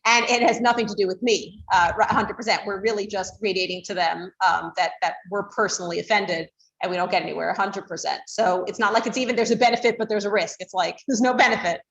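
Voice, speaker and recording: A woman teacher lectures to a small class in an echoing room, her voice sitting at an ordinary middle pitch. She explains conversationally, full of fillers and restarts, and now and then acts out the tones parents use. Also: fairly even intonation, fast, vocal fry, fairly bright tone. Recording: roomy echo.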